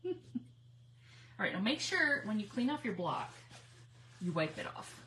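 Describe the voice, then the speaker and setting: A woman hosting a casual crafting livestream on her phone, chatty and giggly, nervously excited as she talks to viewers. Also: mid-range voice, slow, long pauses, a little hiss or hum. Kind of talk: casual live crafting chat.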